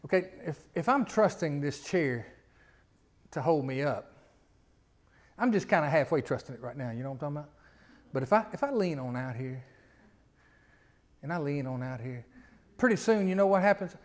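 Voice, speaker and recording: Middle-aged male pastor, high voice, chatty sermon delivery with rhetorical questions that swells to loud emphatic climaxes. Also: animated, normal speed, pauses often. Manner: conversational preaching, rising to loud emphatic peaks, frequent rhetorical questions.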